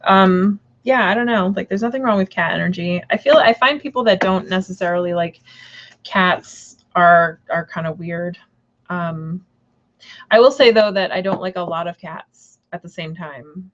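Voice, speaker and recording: A tarot reader and shop owner chats casually on a live stream, rambling with lots of fillers and restarts. Her voice is lowish and fairly bright at a normal speed, and the recording has its highs cut off.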